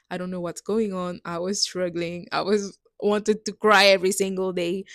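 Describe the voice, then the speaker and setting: Young woman, middle-pitched voice, earnest testimony, dry close sound. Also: dry recording. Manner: earnest, emotional, laughs between lines. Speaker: missionary sharing testimony. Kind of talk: personal faith testimony.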